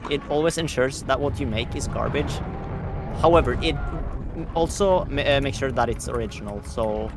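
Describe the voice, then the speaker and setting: A young man talking while gaming, dry and sarcastic, delivering ironic jokes with a straight face. Music plays clearly under his voice. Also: mid-range voice, normal speed. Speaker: guest co-player. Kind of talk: casual gaming chat. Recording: music clearly playing behind.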